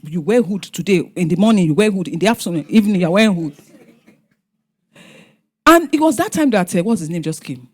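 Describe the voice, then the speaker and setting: A middle-aged woman with a Nigerian accent, telling family stories on a panel and acting out what her relatives said. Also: on the low side. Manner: animated, acts out family members' lines. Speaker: guest speaker. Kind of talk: storytelling on a panel.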